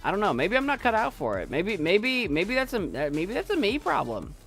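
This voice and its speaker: A man's voice: high voice, wildly swooping pitch, brisk, a bit bright, faint music behind. A young man streaming from his desk at home, chatting casually in a rambling, self-doubting way and repeating himself. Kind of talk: casual live-stream chat.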